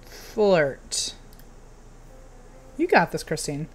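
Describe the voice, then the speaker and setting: A young woman giving casual, excitable commentary while playing a video game, cheering on her character. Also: sits low, very slow, husky. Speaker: game streamer.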